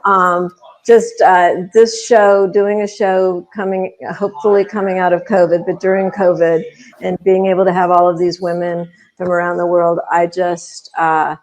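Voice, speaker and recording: Halting, laughing woman on a panel. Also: lowish voice, flat delivery. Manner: warm, halting, laughs often. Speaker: pageant organization leader. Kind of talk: casual video panel chat.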